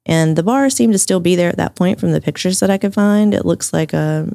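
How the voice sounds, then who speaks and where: A woman co-hosts a podcast, telling local ghost stories with a low, mellow voice. She keeps it casual and laughs easily. Her voice is recorded close and dry, with no room sound. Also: fairly quick, vocal fry, no room sound. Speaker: podcast co-host. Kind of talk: casual chat, storytelling.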